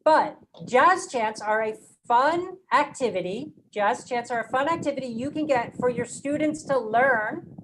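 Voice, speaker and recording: A woman trainer takes teachers through classroom activities at an unhurried, deliberate pace, her voice sitting a little high. She sometimes chants short phrases to show the beat. A faint hiss of noise sits under the call audio. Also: fairly bright tone, low-quality recording. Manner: slow, deliberate, demonstrates rhythm by chanting. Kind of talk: teacher workshop presentation.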